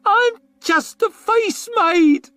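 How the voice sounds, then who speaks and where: A man voicing a terrified young ladies' maid who squeals and shrieks in high panic. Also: very slow, pushed and bright, no room sound, soft background music, exaggerated voice. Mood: panicked shrieking.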